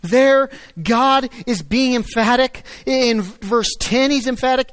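A man's voice: takes it slowly, hardly any pauses, smooth, no room sound. Emphatic male preacher, dry sound. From United States. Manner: emphatic, swings from loud stresses to low quiet asides. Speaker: pastor. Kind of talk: sermon.

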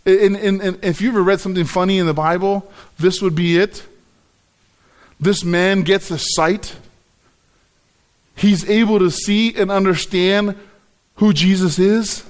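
High-voiced man preaching emphatically. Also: fairly even intonation, measured pace, pauses often. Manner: emphatic, repeats words, stresses key phrases. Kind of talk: sermon.

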